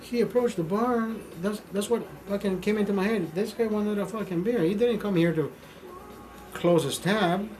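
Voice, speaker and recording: A man hosting a live stream, telling stories in a profane, animated way with many repeated words. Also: high voice, normal speed, soft background music, rough recording. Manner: profane, animated storytelling with repetitions. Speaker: livestream host. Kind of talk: casual live-stream talk.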